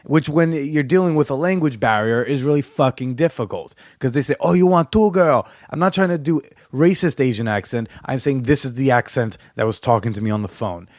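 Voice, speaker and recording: A man's voice: mid-range voice, fairly quick, hardly any pauses, dry recording, clean studio sound. Frank, profane male podcast host. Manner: frank and profane, rambling with restarts. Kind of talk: candid solo storytelling.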